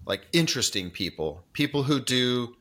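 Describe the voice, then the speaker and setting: A man's voice: medium pitch, very animated, normal speed, a bit bright. A man hosting an interview podcast, chatting casually and thinking aloud with frequent restarts. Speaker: podcast host interviewing a guest.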